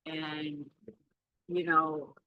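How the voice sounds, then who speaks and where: Slow, rambling spiritual vlogger. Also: mid-range voice, little pitch movement, no room sound, highs cut off. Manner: rambling, reflective, self-reassuring. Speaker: Reiki practitioner and reader. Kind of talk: casual spiritual vlog talk.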